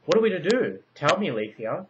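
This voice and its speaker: A man's voice: on the high side, sing-song, brisk, noisy background, pitched above the performer's own voice. A man reading a story aloud, voicing an anxious Minoan queen who pleads and presses with urgent questions. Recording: dull lo-fi recording.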